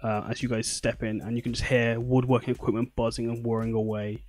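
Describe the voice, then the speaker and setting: A man's voice: medium pitch, level tone, a little fast, a little mellow, dry recording. A man narrating as dungeon master, rambling with many fillers. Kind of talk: narrating a tabletop game.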